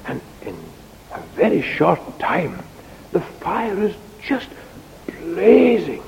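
A man with a gravelly voice gives a children's sermon in an unhurried, animated, sing-song manner. His voice carries a long reverb, as if recorded in a large hall. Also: high-pitched, muffled recording, a little hiss or hum. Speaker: preacher giving a children's talk.

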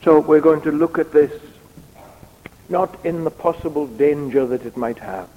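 A man preaching an expository sermon in a measured, deliberate way, pausing to read out quotations. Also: fairly high pitch, in a large hall, narrow, tinny audio.

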